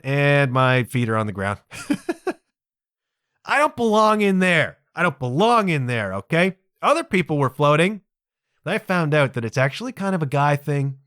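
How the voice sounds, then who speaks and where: A man's voice: a little high, no echo, studio quality. A man in his fifties hosting a podcast, telling a funny story against himself with exasperation. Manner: self-deprecating, animated, exasperated. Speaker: podcast host. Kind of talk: comedic storytelling monologue.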